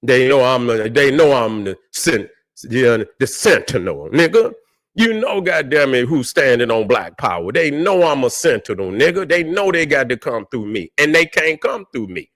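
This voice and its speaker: A man's voice: medium pitch, sing-song, moderate pace, a bit bright, no echo. Combative man livestreaming, dry close sound. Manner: combative, repetitive "you see what I'm saying", profane. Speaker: livestream host. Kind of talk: preaching livestream monologue.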